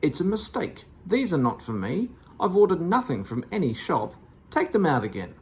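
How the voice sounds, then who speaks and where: Reader putting on a fussy little man, storybook, high and shouty, gravelly edge, swooping pitch. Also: big pitch swings, normal speed, full character voice. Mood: furious. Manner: shouting, indignant, squeaky. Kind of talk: storybook read-aloud.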